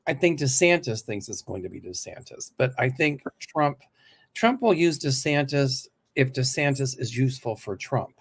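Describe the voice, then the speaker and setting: A man's voice: mid-range voice, expressive, moderate pace, breathy edge. A man from the American South talking in a casual political chat, opinionated and chatty, thinking aloud.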